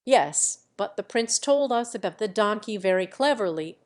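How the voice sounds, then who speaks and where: A woman's voice: mid-range voice, animated, normal speed, lightly acted. A woman reading the part of a thoughtful young woman who speaks in a composed, reasoned way. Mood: curious.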